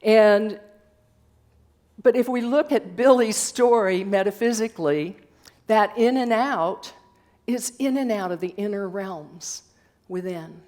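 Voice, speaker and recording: An older woman delivers a sermon in a middle-pitched voice, taking her time over every phrase. She tells her stories with gentle humor and speaks unhurriedly, as if from a church hall. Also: slow, long pauses. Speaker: speaker at a spiritual center.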